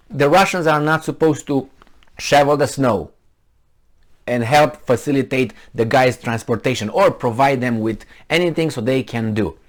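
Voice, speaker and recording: Man with a delivery commenting on news. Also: mid-range voice. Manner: halting, many fillers and restarts, grows heated and sarcastic. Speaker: commentator reading news aloud. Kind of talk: casual spoken commentary on news articles.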